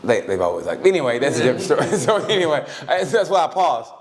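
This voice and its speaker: A man co-hosting a podcast in casual banter, laughing a lot and jumping into high voices to act out stories. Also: fast. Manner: animated, laughing, restarts, acts out quotes in a high voice. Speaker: podcast co-host.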